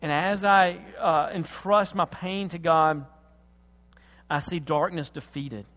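Pastor preaching, high-pitched man, impassioned with hushed turns, long hall echo. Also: steady tone, slow. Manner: impassioned, swings from loud emphasis to hushed tenderness. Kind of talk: sermon.

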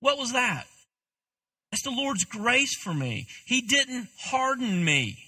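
A man preaching a sermon with a high, piercingly bright voice that carries a husky edge. He talks candidly and conversationally, mixing self-deprecating asides into his teaching. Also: very animated, slow. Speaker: pastor.

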